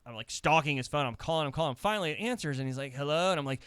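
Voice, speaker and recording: An animated man hosting a comedy podcast. His pitch is a little high, his voice is smooth and clear, and it sounds close and dry. He tells a story with lively swings and acts out each quote. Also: very fast, no room sound. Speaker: podcast host. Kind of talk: casual comedy podcast chat.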